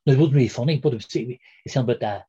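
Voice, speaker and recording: A man's voice: mid-range voice, very fast, mellow, breathy edge, dull audio. A man in his sixties with a Derry accent, reminiscing in a rambling, casual way as an interview guest. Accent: Derry, Northern Irish. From Northern Ireland. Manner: rambling, many fillers and "there".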